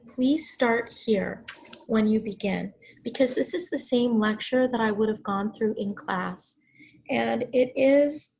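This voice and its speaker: A middle-aged woman, hoarse and raspy from illness, giving a college writing lecture over a video call. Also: on the high side, darkish tone. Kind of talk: online class lecture. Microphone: computer mic on a video call.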